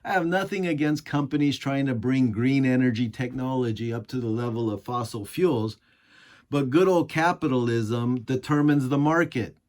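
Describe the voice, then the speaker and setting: A man's voice: medium pitch, moderate pace, a little mellow. A man from the United States reading scripted political commentary, sarcastic and indignant, full of rhetorical questions. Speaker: commentary host.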